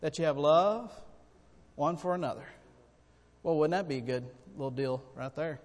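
A man preaching a sermon, folksy and animated, telling personal stories. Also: on the high side, normal speed. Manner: folksy, animated storytelling with sudden loud bursts. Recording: long hall reverb.

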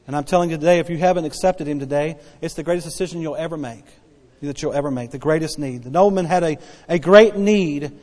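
A man in his forties preaches to a congregation, repeating phrases for emphasis and slowing down to draw out scripture. His voice sits high for a man. The church hall gives every line a long, ringing echo. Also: a little mellow. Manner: repeats key phrases for emphasis, drawls Bible quotes slowly. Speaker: pastor. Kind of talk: sermon.

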